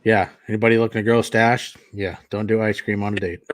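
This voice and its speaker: A man's voice: lowish voice, flat delivery, fast talker. A man in his forties hosting a casual podcast chat, laid-back and swearing now and then as he tells stories. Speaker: podcast host.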